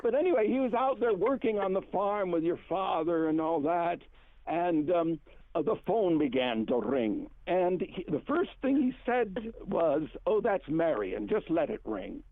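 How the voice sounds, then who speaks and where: A man's voice: sits high, lively intonation, unhurried, no room sound. An older man telling rambling family stories on a casual phone call, repeating himself and laughing often. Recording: tinny phone line, dry.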